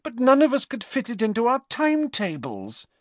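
A man's voice: extremely high pitch, wildly swooping pitch, moderate pace, no echo, voice pushed up, full character voice. A man voicing an anxious, earnest teenage schoolgirl witch in an audiobook reading, speaking timidly and tremulously.

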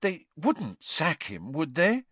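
A man's voice: fairly high pitch, wildly swooping pitch, slow pace, a bit bright, husky, no echo, pitched above the performer's own voice, heavily acted. A man raises his voice into an anxious, clever teenage girl, hesitant and worried in tone. The recording is dry and close. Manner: nervous, hesitant.

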